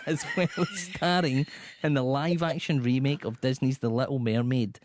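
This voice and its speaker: A man with a Scottish accent co-hosting a comedy chat, delivering prepared film trivia in a brisk, jokey way. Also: mid-range voice, steady tone, slight background noise. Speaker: co-host.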